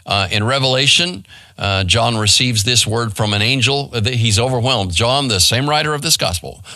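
A man's voice: mid-range voice, normal speed, bright, forceful tone, no echo. A middle-aged man and pastor, giving a casual Bible study with many fillers and asides to the room. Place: church hall.

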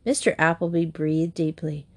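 A woman narrating a children's chapter book aloud in a gentle, steady manner. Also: low voice, moderate pace. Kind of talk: storybook reading aloud.

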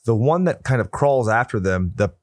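A man's voice: mid-range voice, lively intonation, normal speed, a little mellow, no echo, studio quality. A man co-hosting a casual movie review podcast, joking and swearing as he banters with his co-host.

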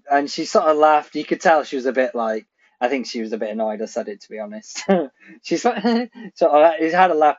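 Man, casual storytelling, laughs a lot, slightly dull lo-fi sound. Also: medium pitch. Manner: chatty, laughs often, many fillers. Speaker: marketing podcast host.

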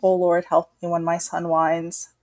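A woman's voice: on the low side, measured pace. A young adult woman co-hosting a casual podcast, talking openly and animatedly about motherhood. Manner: open and confessional, animated retelling. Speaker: podcast co-host. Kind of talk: candid casual chat.

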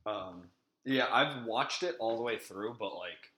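A man's voice: fairly low pitch, a little slow, sharp tone. A young man co-hosting a podcast, talking casually and bluntly, swearing often. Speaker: podcast co-host. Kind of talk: casual chat.

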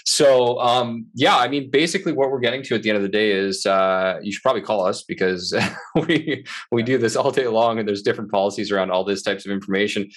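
A man with a low voice co-hosts a casual podcast as a mortgage broker. He talks in an energetic, chatty way, full of fillers, and ends with an eager pitch to listeners. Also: a little fast. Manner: energetic, chatty, sales-minded sign-off.

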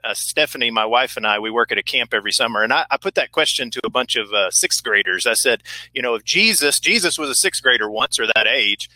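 A man's voice: medium pitch, expressive, fast, pushed and bright, no room sound, low-quality recording. A man sharing reflective stories about faith in a casual discussion. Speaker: camp worker.

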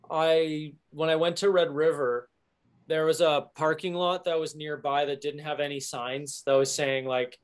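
A young man hosting a casual chat, telling an animated story and laughing at it. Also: on the high side. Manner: animated storyteller, laughs at his own stories.

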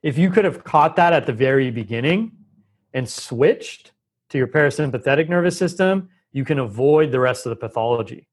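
A man on a podcast explaining health ideas at length, lively and talkative, often acting out quoted voices. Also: medium pitch, brisk. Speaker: guest expert on holistic health. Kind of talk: conversational podcast interview.

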